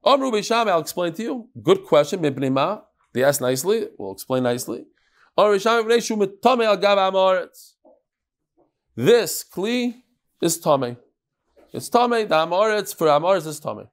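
Animated high-voiced Talmud teacher. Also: male voice, normal speed. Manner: animated, acts out the sages' voices, mixes Hebrew and Aramaic terms.

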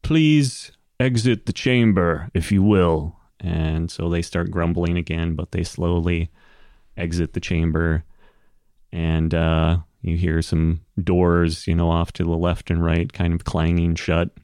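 Slow, deep-voiced man running a tabletop game. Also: smooth, no echo, clean studio sound. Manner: relaxed, rambling with fillers and laughs. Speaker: game master.

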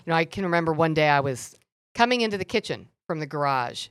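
A middle-aged woman telling a candid personal story on a podcast, expressive and animated. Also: sits low, fast, no echo. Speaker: podcast guest.

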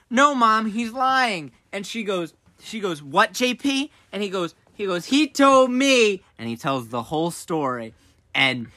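A young man spins an animated, rambling story, with a fairly high, bright and sharp voice. The recording is close and dry. He keeps acting out both sides of the talk. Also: no echo. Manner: animated, rambling, full of "I was like". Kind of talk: casual storytelling.

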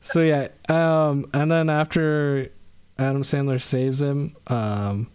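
A man's voice: mid-range voice, fairly even intonation, slow pace, a little mellow, clean tone, dry recording. A man co-hosting a casual podcast, retelling a movie plot in a laid-back, rambling way full of fillers. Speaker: podcast co-host.

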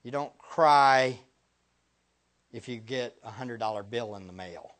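Bright-voiced preaching pastor, whisper to shout. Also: male voice, medium pitch, measured pace. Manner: swings from hushed near-whispers to loud emphatic preaching; rhetorical questions, repeated for emphasis. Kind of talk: sermon.

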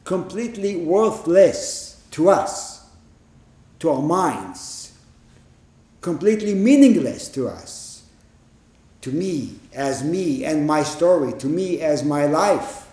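A man gives a Zen dharma talk in a meditation hall, plain-spoken and emphatic, with rhetorical questions. His voice sits a little high and mellow. The room adds a clear echo. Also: expressive, slow. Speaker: Zen teacher.

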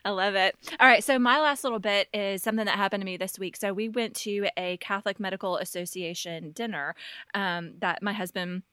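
A woman's voice: medium pitch, a little fast, sharp tone, smooth, no echo. A woman co-hosting a casual chat, talking reflectively with hesitant fillers. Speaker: podcast co-host.

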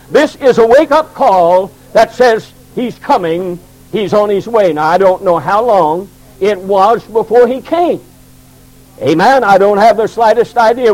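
A man's voice: sits high, low-quality recording. A man preaching a sermon as pastor in a church, building his points through repeated emphatic phrases. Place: church sanctuary.

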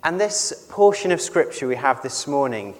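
A man preaching a conversational sermon in a measured way, often putting questions to the congregation. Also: mid-range voice, sing-song, big-room sound. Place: church.

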